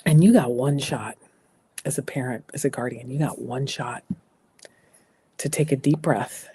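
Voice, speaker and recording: A woman's voice: very deep voice, steady tone, measured pace, slightly rough. A middle-aged American woman giving earnest, emphatic advice as a talk show guest, repeating phrases for emphasis. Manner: emphatic, repeats phrases, drops to a soft voice for reassuring lines. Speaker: guest speaker.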